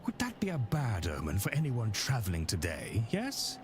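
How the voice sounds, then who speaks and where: An actor playing a prim, fussy guest at a manor house who asks pointed questions. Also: male voice, lowish voice, huge pitch swings, moderate pace, music in the background.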